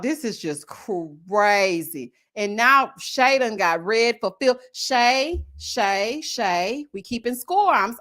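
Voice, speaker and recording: Animated laughing woman livestream host. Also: mid-range voice. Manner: animated, laughing, drawling endearments like "baby" and "child". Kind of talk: casual live chat commentary.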